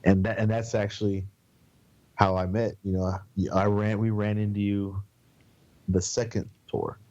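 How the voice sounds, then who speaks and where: A man's voice: fairly low pitch, level tone, normal speed, a little mellow, lo-fi sound. A man from San Antonio, a podcast guest, telling casual, rambling road stories with plenty of swearing and quoted voices. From San Antonio, Texas. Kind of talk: casual storytelling.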